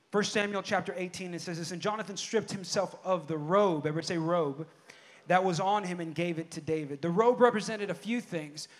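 A pastor in his thirties or forties preaching a sermon in church, telling stories and calling out to the congregation, dropping to soft asides and rising to loud, emphatic points. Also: high-pitched. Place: church sanctuary before a congregation.

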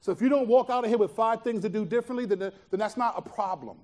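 A man with a high-pitched voice delivers a sermon as pastor. He teaches earnestly and emphatically, posing rhetorical questions to the congregation. At reflective moments he lowers his voice to a near hush. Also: fast talker.

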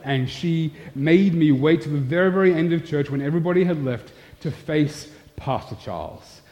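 Warm-voiced man preaching in a reverberant hall. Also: medium pitch. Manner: candid, self-deprecating storyteller. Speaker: pastor. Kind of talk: sermon with personal storytelling. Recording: long hall reverb, dull sound.

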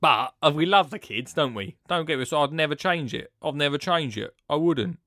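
A man hosting a podcast in a rambling, chatty way, swinging between loud bursts and hushed asides. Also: fairly high pitch, lively intonation, moderate pace, no echo, clean studio sound. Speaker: podcast host. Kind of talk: casual chat.

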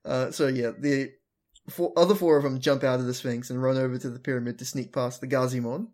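A woman's voice: a bass voice, fairly even intonation, brisk, darkish tone. Blunt young woman recapping an episode. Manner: blunt, swears, mocking, does funny voices. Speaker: podcast host.

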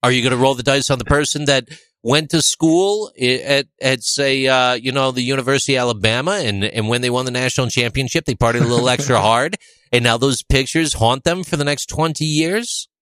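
A man's voice: medium pitch, brisk, a bit bright. A man co-hosting a casual podcast, with a mid-range voice, jokes and leans on rhetorical questions. The sound is close and dry, with little room echo. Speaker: podcast co-host. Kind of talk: casual conversation.

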